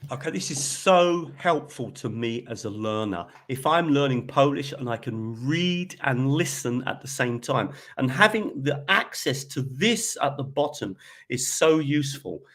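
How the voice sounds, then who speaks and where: A man's voice: mid-range voice, expressive, measured pace, fairly bright tone. A man giving an online teaching presentation while sharing his screen, chatty and often checking in with "okay?". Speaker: teacher trainer presenting a webinar.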